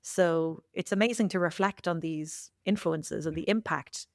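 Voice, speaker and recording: A woman with an Irish accent, a language teacher speaking as a podcast guest in an articulate, explanatory way with lively emphasis. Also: on the low side, a little slow, dry recording, clean studio sound. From Ireland. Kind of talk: podcast interview.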